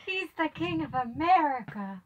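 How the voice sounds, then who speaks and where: A woman's voice: high voice, big pitch swings, unhurried, highs cut off. A young woman playing in a casual tabletop game, eagerly peppering the game master with questions. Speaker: player. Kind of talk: casual tabletop role-play. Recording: faint background noise.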